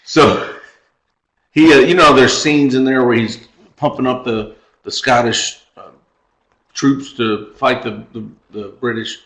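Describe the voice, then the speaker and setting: A man's voice: mid-range voice, fairly even intonation, unhurried, fairly bright tone. Guy on a podcast rambling and cracking himself up, echoey room. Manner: rambling, laughs at his own jokes, acts out movie lines. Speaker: podcast co-host. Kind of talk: casual chat.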